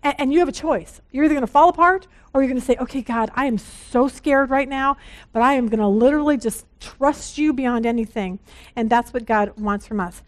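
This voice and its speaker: High-voiced chatty woman teaching Bible study. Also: fairly quick. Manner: chatty and animated, laughing, reading verses aloud. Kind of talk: casual Bible teaching with scripture reading.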